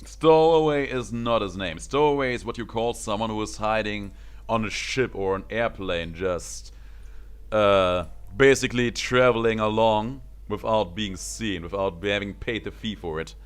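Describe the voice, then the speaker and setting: A man's voice: on the low side, unhurried, clear, resonant tone. A man streaming a video game, commenting with a chatty manner and frequent laughter.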